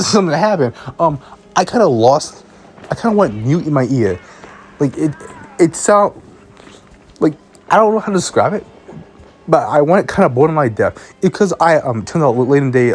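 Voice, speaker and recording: A man's voice: medium pitch, slight background noise. A young man, a student filmmaker, telling a rambling, exasperated story in a casual vlog, often stumbling over and repeating his words. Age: young adult.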